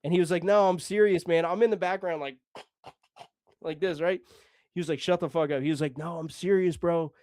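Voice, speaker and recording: A man's voice: a little high, steady tone, a little fast, darkish tone, dry recording, studio quality. A man telling a long story casually, rambling, swearing and acting out the dialogue.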